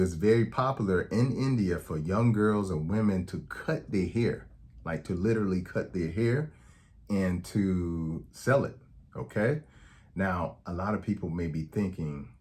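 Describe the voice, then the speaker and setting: Deep-voiced man explaining casually. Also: a little mellow. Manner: conversational, repeats "okay?" to check in; acts out quoted dialogue in anecdotes. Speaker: health educator. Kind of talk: direct-to-camera talk.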